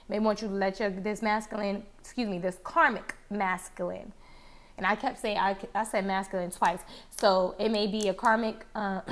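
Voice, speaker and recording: A chatty woman reads tarot cards straight to her viewers. Her voice sits at a middle pitch, and she circles back over the same phrases, breaking into exclamations and the odd curse along the way. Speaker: tarot card reader. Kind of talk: casual tarot reading to camera.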